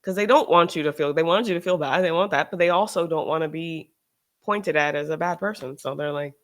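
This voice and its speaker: A host talking casually on a livestream, animated and sarcastic, often restarting sentences and trailing off. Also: medium pitch, fairly quick. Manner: animated, sarcastic, shifts into mocking quoted voices.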